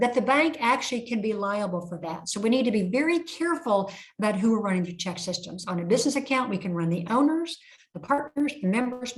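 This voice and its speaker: An older woman leading an online compliance training for bankers, telling anecdotes and acting out dialogues in a lively way. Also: medium pitch.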